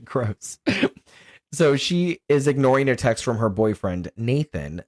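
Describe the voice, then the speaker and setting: A man's voice: medium pitch, very animated, measured pace, no room sound. A man with a mid-range voice talks through a movie plot in a loose, chatty way, often breaking into laughter. The sound is dry and close, with no room around it. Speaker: podcast co-host. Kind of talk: casual film review chat.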